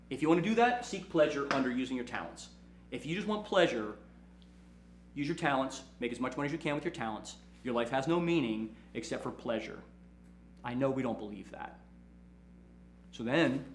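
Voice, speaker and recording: Fast-talking man in an echoey room. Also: mid-range voice, a little hiss or hum. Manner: animated storytelling, repeats "right?", acts out quotes. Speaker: lawyer and firm owner hosting a talk. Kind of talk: casual motivational talk.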